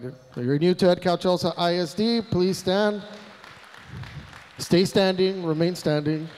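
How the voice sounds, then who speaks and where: A man hosts a school district assembly, calling out chants to the crowd with energy. His voice is high and smooth. It rings with the long reverb of a big hall heard through the PA. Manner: energetic, leads call-and-response chants. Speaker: emcee. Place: large hall.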